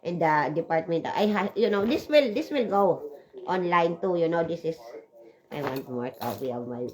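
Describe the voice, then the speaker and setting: A woman's voice: lowish voice, lively intonation, normal speed, a little mellow, low-quality recording. Chatty emotional woman. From Switzerland. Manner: emotional, tearful at times, chatty with many fillers. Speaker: vlogger. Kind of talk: rambling personal vlog.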